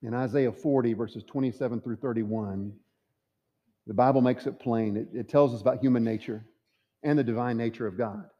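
A man preaching a sermon, emphatic, with dramatic pauses. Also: mid-range voice, lo-fi sound. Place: church sanctuary. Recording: long church reverb.

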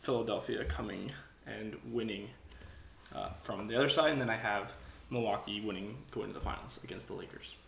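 A man's voice: fairly low pitch, brisk, vocal fry, fairly bright tone. A man co-hosting a casual sports podcast, rambling through his picks with many fillers and self-corrections. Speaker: podcast co-host. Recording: echoey room, faint noise.

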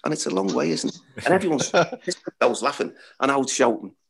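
A man's voice: medium pitch, lively intonation, fast talker, gravelly, breathy edge. A middle-aged man, a former footballer, telling blunt, swearing anecdotes and laughing at his own stories. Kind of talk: anecdotal storytelling.

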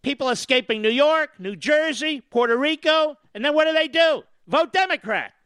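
A man's voice: very high-pitched, lively intonation, moderate pace, a bit bright, no room sound. A man hosting a talk radio show, delivering a sarcastic, mocking and combative opinion monologue into a studio microphone. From US East Coast.

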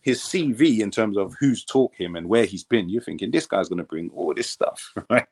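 Deep-voiced man telling football stories. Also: moderate pace, vocal fry. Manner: relaxed storytelling, repeats words as he restarts. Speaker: guest, former professional footballer. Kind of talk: casual podcast chat.

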